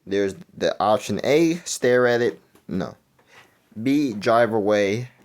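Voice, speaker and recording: A young man talking through a video game quiz in casual, rambling commentary, mumbling and then jumping into excited outbursts. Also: fairly low pitch, slow pace. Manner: rambling, self-correcting, swings between mumbling and excited outbursts. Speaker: gaming YouTuber.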